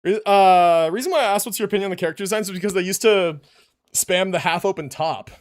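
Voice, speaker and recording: A man's voice: high-pitched, fast. A young man livestreaming from home, chatting casually and loosely with many restarts and fillers. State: out of breath after push-ups. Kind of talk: casual live-stream chat. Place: home room. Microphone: desk mic, moves away from it.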